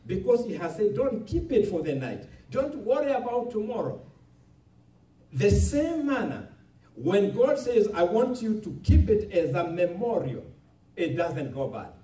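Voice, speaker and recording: A man preaching a sermon as a pastor, slow and emphatic, with repeated hallelujahs. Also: high-pitched, sing-song, warm tone, reverberant, far from the mic.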